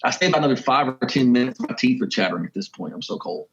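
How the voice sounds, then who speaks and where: A man, a wildlife photographer and journalist, telling a story as a podcast guest in a lively, animated way. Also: racing, dull audio. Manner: animated, with sudden jumps in pitch and pace. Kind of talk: casual storytelling.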